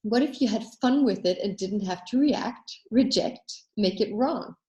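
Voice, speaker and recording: A woman hosting a coaching workshop, telling anecdotes in a casual, animated way and acting out the voices she quotes. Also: medium pitch, unhurried, roomy sound, highs cut off.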